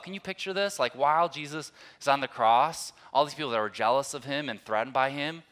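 A married man preaching a conversational sermon, moving between hushed, tender moments and loud, emphatic ones. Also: mid-range voice, a little fast, few pauses. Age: adult, old enough to be married. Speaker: pastor.

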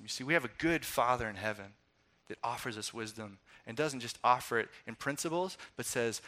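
A young man giving a sermon as pastor, telling stories in a casual, animated way and acting out quotes. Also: mid-range voice, a little fast, few pauses. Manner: conversational, animated storytelling with acted-out quotes.

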